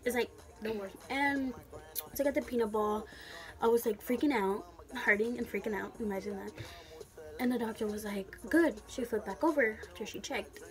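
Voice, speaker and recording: A woman's voice: fairly high pitch, fairly even intonation, normal speed, faint music behind. A young woman telling a story frankly and casually, full of slang and swearing. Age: young adult. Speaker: vlogger.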